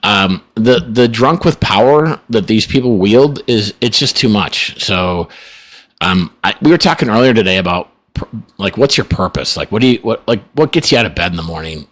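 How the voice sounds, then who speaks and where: Laid-back low-voiced podcast co-host man. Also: expressive, moderate pace, a bit bright. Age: middle-aged. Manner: rambling, laid-back, chuckles often. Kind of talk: casual chat.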